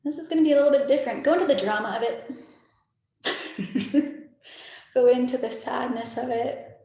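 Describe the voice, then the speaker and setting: A young woman in her twenties guides a meditation over a video call, her voice soft, soothing and a little high. She repeats gentle reassurances and keeps slipping in casual filler words. The call sounds very echoey, as if she is in a bare, hollow room. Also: quick pace. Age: 20s. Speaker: spiritual meditation leader. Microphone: video call microphone.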